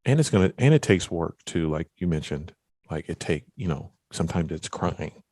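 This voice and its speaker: An extremely low-voiced man hosts a casual podcast interview. His talk wanders, restarting phrases and leaning on filler words as he works toward his questions, and the sound is dry with no room echo. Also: lively intonation, moderate pace, mellow. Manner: rambling, full of restarts and "like". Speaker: podcast host.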